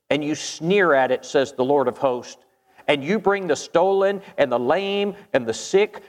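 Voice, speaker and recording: A man's voice: on the high side, long reverb tail. A man preaching a sermon in an earnest, emphatic way, reading scripture aloud and addressing the congregation.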